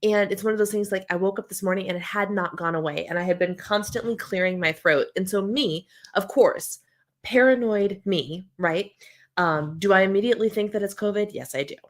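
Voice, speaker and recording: Her throat a bit scratchy, a thirtysomething host talks in a mid-range voice, a little fast, during a relaxed live-stream from home, reading viewer comments aloud and answering each one.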